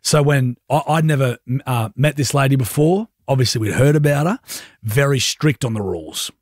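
A man's voice: mid-range voice, normal speed, dry recording, clean studio sound. A man co-hosting a drive-time radio show, teasing his co-host and laughing often. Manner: teasing, laughs often, tells stories with voices. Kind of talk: casual banter.

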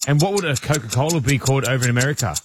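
A man's voice: medium pitch, lively intonation, crowd noise. An Australian man co-hosting a radio show, teasing his co-hosts in casual banter. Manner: jokey, teasing, quick to laugh.

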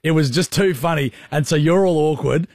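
A man's voice: a little high, normal speed, a little mellow, no echo. A man co-hosting a radio show, teasing and laughing a lot in casual banter. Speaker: radio host.

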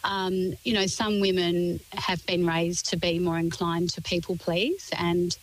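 Female expert guest, composed and articulate, slightly low voice. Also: little pitch movement, measured pace, poor audio. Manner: composed, articulate explaining in lists. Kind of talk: radio interview.

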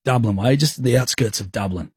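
Man, radio co-host, teasing banter, husky, dry studio sound. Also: mid-range voice, a little fast, darkish tone, no room sound. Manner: teasing, laughs often. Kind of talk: casual banter.

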